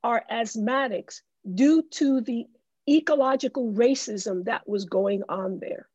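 High-voiced impassioned woman, dull dry sound. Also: darkish tone, husky, dry recording. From the Bronx, New York. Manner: slows to emphatic drawn-out phrases, impassioned. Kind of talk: interview with a preaching cadence.

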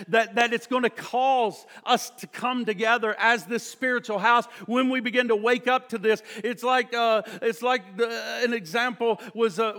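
A male pastor preaching a sermon, telling stories full of restarts and quoted voices, swinging from hushed tones to impassioned shouting. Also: high voice.

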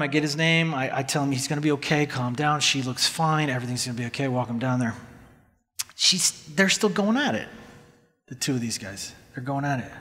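A man's voice: a little high, a bit bright. A man earnestly telling a personal story in a casual, conversational way, acting out what he and others said. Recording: long hall reverb.

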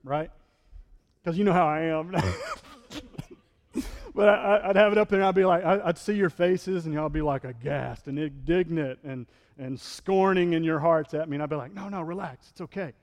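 A man's voice: a little high, normal speed, big-room sound. A male pastor preaching a sermon in a conversational style, acting out quotes and building to fervent peaks.

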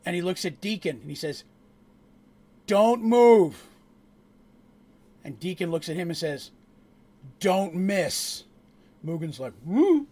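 Acting as game master for a tabletop game, a man narrates the story and throws animated asides to the players. His voice is fairly high with a breathy edge.

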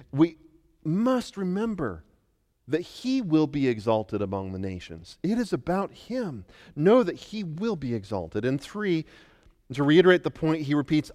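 A middle-aged man from the United States, a pastor preaching an emphatic sermon that moves between quiet and loud. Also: fairly high pitch. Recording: long reverb of a large hall.

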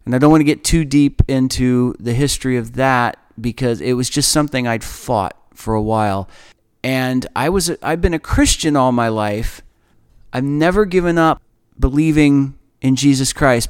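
A man in his forties telling a personal faith testimony in an earnest, emotional way, often halting and restarting. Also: mid-range voice, clean tone. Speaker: speaker sharing a personal testimony.

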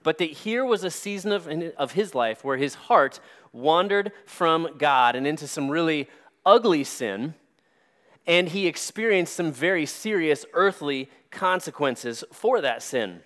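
A man preaching a sermon as a pastor, stressing words slowly and dropping his voice quietly at key points. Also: a little high, animated.

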